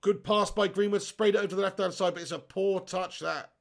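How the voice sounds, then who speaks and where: Jokey guy on a footy stream, high gravelly voice, swears a lot, reads out chat. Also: fairly even intonation, fairly quick. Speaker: football watch-along streamer. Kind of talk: casual live match commentary and chat.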